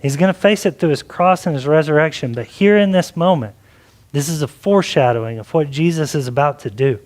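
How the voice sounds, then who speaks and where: A man's voice: a little high, a little fast, a little mellow. A man preaching a sermon as pastor, in a conversational way with frequent "like" and questions. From Texas. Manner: conversational preaching with many likes.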